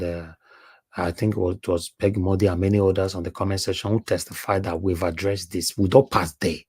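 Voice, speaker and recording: A man's voice: sits low, a little mellow, slightly rough, dry recording. A Nigerian man with a Nigerian accent, a livestream panelist talking emphatically and repeating words when heated, slipping into Pidgin. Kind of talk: livestream commentary.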